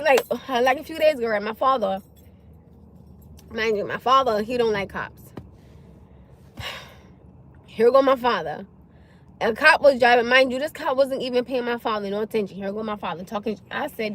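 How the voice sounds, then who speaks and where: A young woman with a high voice tells her live audience a story in an exasperated, animated rant, often breaking into laughter. She streams from outdoors, with faint car and street noise audible behind her. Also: normal speed, pauses often. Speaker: livestream host.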